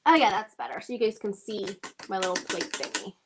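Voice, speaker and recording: A woman's voice: medium pitch, big pitch swings, a little fast, very noisy. A woman hosting a casual sewing livestream, thinking aloud and chatting to her viewers as she works.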